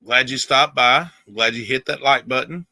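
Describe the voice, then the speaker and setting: A man co-hosting a casual livestream chat, easygoing and drawling, cooing softly to his dog now and then. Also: mid-range voice, moderate pace, dry recording. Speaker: livestream co-host.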